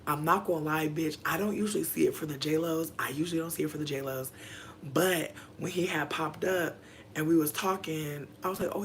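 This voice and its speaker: A young adult streamer in casual livestream chat, telling a loose, profane story. The speaker rambles through fillers and hops between the story and comments from viewers. A faint hiss sits under the voice. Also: medium pitch. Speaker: content creator.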